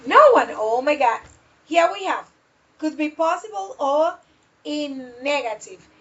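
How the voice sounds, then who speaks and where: A woman leads an online English lesson, stretching out each model question. Her voice sits high and her pace is slow and deliberate. The audio is muffled and lo-fi. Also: animated, fairly bright tone. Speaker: English teacher. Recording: dull lo-fi audio.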